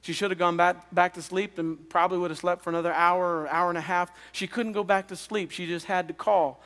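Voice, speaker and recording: A man, a pastor, preaching a revival sermon as an earnest personal testimony, often halting and repeating words. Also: sits high, fairly even intonation, a bit bright. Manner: earnest storytelling with halting restarts. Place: chapel. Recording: long reverb of a chapel.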